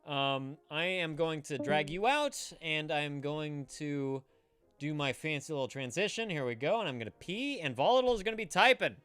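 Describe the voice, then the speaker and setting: A young man hosting a casual live stream from California, swearing often and swinging from loud excited outbursts to quiet mumbling. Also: fairly high pitch, brisk, clear, resonant tone, no room sound. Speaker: livestream host.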